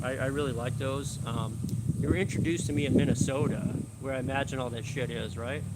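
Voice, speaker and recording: A man's voice: medium pitch, heavy background noise. A middle-aged man chatting casually and rambling on a live stream from his yard, swearing offhandedly. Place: outdoors at home, rural yard.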